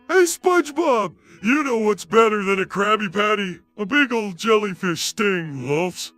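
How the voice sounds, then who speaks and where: An AI voice clone voicing a dopey, teasing starfish cartoon character. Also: male voice, high-pitched, lively intonation, unhurried, a bit bright, faint music behind.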